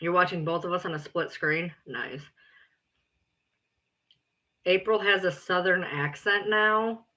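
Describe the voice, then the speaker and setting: Bright-voiced, blunt woman streamer. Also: lowish voice, slow pace, long pauses. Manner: blunt, exasperated and profane. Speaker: livestreamer. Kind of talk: casual livestream chat.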